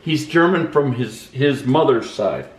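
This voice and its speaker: A man's voice: medium pitch, lively intonation, a little slow. An older man, a grandfather, chatting and teasing his family in a home kitchen, exclaiming often. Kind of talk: casual family chat. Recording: echoey room, mic far off, background noise.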